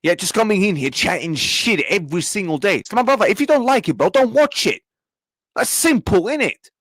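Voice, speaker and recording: A man's voice: high-pitched, lively intonation, brisk, a bit bright, dry recording, studio quality. Angry young man ranting. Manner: angry, repetitive, swearing, talks back to chat. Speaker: football reaction streamer. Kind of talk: live match reaction rant.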